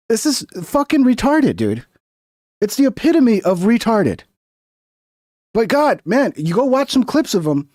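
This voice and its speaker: A man's voice: high-pitched, a little mellow, no echo, studio quality. Fired-up sarcastic man ranting. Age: 30s or older. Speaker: reaction show host. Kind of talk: profane political reaction commentary.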